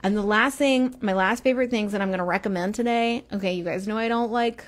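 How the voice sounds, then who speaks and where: A woman's voice: medium pitch, fast. A woman hosting her own livestream, chatting in a rambling way and answering viewer comments. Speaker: livestream host. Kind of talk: casual livestream chat.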